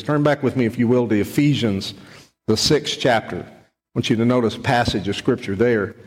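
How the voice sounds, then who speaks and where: A man preaches to a congregation, earnest and deliberate, dragging out the words he wants to land. His pitch sits in the middle for a man. A long church-hall reverb trails after each phrase. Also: a little mellow. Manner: earnest, slows down to stress key words. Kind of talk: sermon. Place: church sanctuary.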